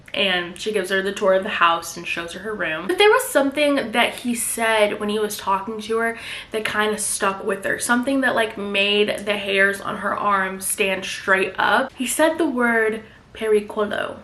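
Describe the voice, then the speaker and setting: A young woman recapping a novel in a chatty, animated way, with playful asides. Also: medium pitch. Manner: chatty and animated, slips into playful character voices. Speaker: book vlogger. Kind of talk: casual book recap. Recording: roomy echo.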